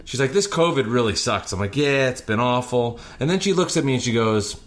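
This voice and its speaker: A man hosting a podcast, telling animated stories from his delivery shifts in casual chat. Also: mid-range voice, fairly quick. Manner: animated anecdotes, breaks into singing. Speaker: podcast host and delivery driver.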